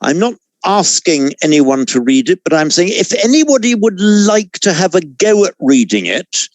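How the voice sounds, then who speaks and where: A man teaching a Sanskrit class over a video call, explaining pronunciation in a measured way with frequent self-corrections. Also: sits high, sing-song, no room sound. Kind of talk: online class lecture.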